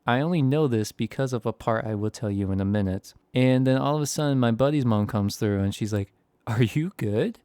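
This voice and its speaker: A man's voice: mid-range voice, brisk, hardly any pauses, a little mellow, smooth, no room sound. A young man casually telling a storytime over a close voice-over mic, in a laid-back, rambling, self-deprecating way. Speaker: storytime YouTuber.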